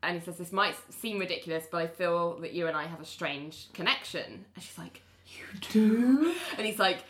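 Bright-voiced woman recapping a show. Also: fairly low pitch, a little fast, hardly any pauses. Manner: animated recapper, voicing characters' lines and laughing. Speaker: podcast host recapping a TV episode. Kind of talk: casual chat.

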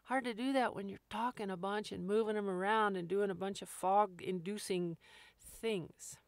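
Brief: woman host, frank and animated delivery, smooth clear voice, dry close sound. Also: mid-range voice, no room sound. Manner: frank, animated, acts out nagging with quick asides. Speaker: dog training podcast host. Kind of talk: casual instructional talk.

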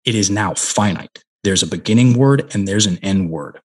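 A middle-aged man with a husky, slightly low voice tells a coaching story in a relaxed conversational way. He leans hard on key words and slows right down to make a point. His voice comes through a headset mic. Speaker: podcast guest, coach.

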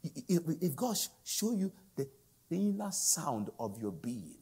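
A man preaching a sermon, his gravelly, raspy voice rising in loud pleading bursts and then dropping to near whispers. His pitch rides up and down with lively, animated swings. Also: measured pace. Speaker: guest preacher.

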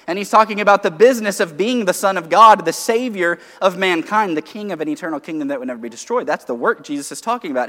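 A man preaching a sermon, teaching conversationally from Scripture and alternating rising emphasis with quiet asides. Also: high-pitched, long reverb tail.

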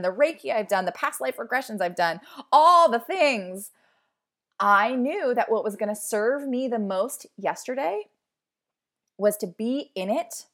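Woman, 30s, podcast host; open, heartfelt, casual chat, mid-range voice. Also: medium pitch. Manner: candid, emotional, chatty with many "like"s. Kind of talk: casual personal podcast monologue.

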